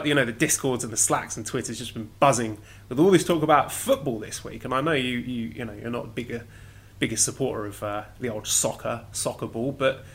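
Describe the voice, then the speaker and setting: Chatty British man hosting a podcast. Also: mid-range voice. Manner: chatty, animated, trailing off with fillers. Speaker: podcast host. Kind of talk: casual chat.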